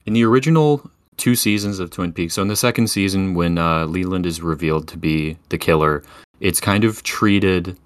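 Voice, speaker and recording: A very low-pitched man chatting casually on a podcast about a film. He speaks in a relaxed, halting way with many fillers, and his voice sounds dry and close, with no room around it. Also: no room sound. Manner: relaxed, hesitant, lots of fillers. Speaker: podcast co-host.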